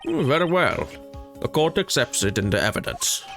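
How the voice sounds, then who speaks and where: A man voicing an elderly male judge in a game playthrough, speaking in slow, formal courtroom phrasing. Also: medium pitch, very animated, vocal fry, fairly bright tone, soft background music.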